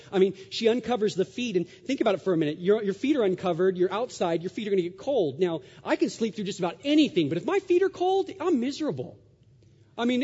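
A man preaching a sermon as pastor, animated, acting out quoted voices with big swings in loudness. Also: on the high side, husky. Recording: dull sound, long hall reverb.

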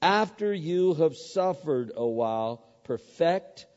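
A man preaching as pastor has a fairly high, darkish voice, speaking slowly with lively intonation. Emphatic and repetitive, he asks rhetorical questions and supplies the answers. The audio sounds dull and lo-fi, with echo from a hall.

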